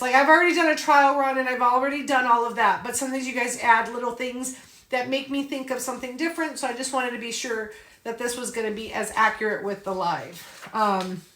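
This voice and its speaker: A woman's voice: on the high side, pushed and bright, reverberant. A chatty, upbeat woman hosting a live craft tutorial and greeting viewers by name. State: out of breath. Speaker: craft class host.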